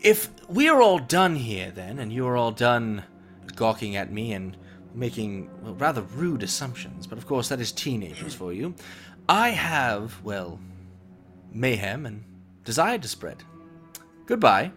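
A man's voice: medium pitch, big pitch swings, music in the background. A man voicing a scheming male devil who talks in polite, condescending taunts. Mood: taunting. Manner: silky, condescending, drawn-out taunts.

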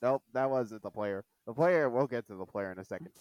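A man hosts a relaxed podcast over an online call, recapping a cartoon episode. His voice is smooth and resonant at an ordinary pitch, and he acts out quoted lines with lively energy. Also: fairly quick, no echo, muffled recording. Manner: animated, retells scenes with quoted lines. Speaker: podcast host. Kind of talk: casual chat recapping a cartoon.

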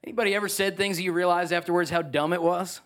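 A middle-aged man preaching from the pulpit, his voice sitting on the high side for a man. He moves between loud, lively exhortation and quiet, dropped asides, cracking jokes and calling out to the congregation. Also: fast. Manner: animated, jokey preaching with audience asides. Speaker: pastor. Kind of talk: sermon.

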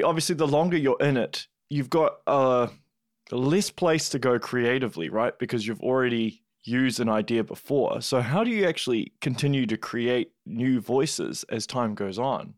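A man hosting a podcast, asking casual interview questions in a relaxed way with short affirmations. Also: mid-range voice, moderate pace, no echo, studio quality. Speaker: podcast host.

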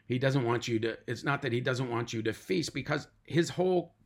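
A man's voice: mid-range voice, moderate pace. A middle-aged man, a pastor, giving an emphatic podcast sermon and repeating lists of words for weight.

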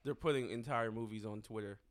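A young adult man, a podcast co-host, telling a story in casual, animated, profane chat. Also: fairly low pitch, a little fast.

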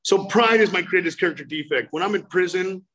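Man, 40s, recovery story, high voice, bright tone, animated, exasperated outbursts. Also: brisk. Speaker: speaker sharing recovery story. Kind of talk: recovery talk, personal story.

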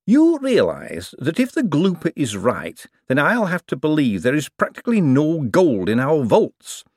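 Male reader playing an excitable, fussy lab boffin, voice raised, animated. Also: fairly high pitch, unhurried, no echo, clean studio sound, pitched above the performer's own voice, heavily acted.

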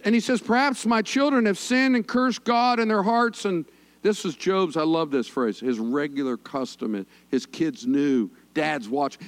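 Pastor, man, folksy joking sermon, high animated voice. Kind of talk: conversational sermon.

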